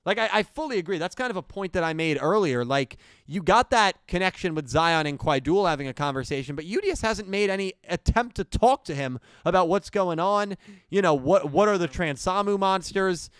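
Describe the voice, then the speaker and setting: A young man hosting a podcast, hyped and rushed as he chats and reads out donations. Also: sits high, animated, a bit bright, clean tone, dry recording. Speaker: podcast host reading donations. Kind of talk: excited casual chat.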